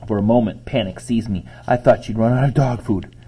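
A man reading a children's chapter book aloud to young listeners, stopping now and then to explain a word. His voice is low and mellow with a husky, breathy grain. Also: brisk, poor audio. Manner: explains words along the way. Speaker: reader to children.

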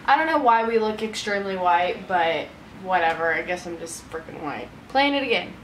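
A woman's voice: fairly low pitch, lively intonation, normal speed, echoey room, a little hiss or hum, low-quality recording. A young woman hosting a casual couples vlog, chatty and giggly. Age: young adult. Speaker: vlog co-host. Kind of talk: casual chat.

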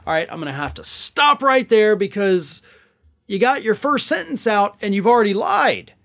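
Man, political commentary host, high-pitched voice, sarcastic, mocking, exasperated. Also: lively intonation, moderate pace, creaky, fairly bright tone.

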